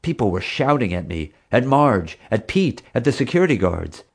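A man narrating an audiobook in an expressive, dramatic manner. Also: medium pitch, normal speed, gravelly, husky.

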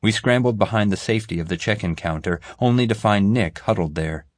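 A man giving steady, measured audiobook narration, recorded dry and close. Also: fairly low pitch, no room sound.

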